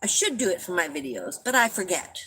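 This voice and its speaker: An older woman chats on a live stream in a loose, rambling way, laughing at her own tales. Her voice is bright and forward, and she keeps breaking off to cough. A faint noise sits under the talk. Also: on the low side, sing-song, fairly quick, rough recording. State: coughing often. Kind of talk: casual live-stream chat with viewers.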